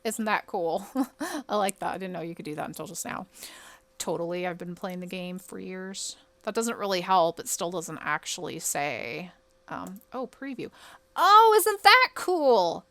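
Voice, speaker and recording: A woman playing a game and talking it through casually, muttering to herself and breaking into quick exclamations. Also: fairly low pitch, creaky, no echo. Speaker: game streamer. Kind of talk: casual commentary while playing.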